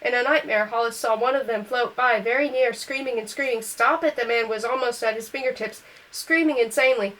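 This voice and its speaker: A woman reads a short story aloud in a fairly high voice. She keeps a steady, unhurried storytelling pace and lets the characters' lines come through with only a light change of voice. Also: poor audio. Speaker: reader.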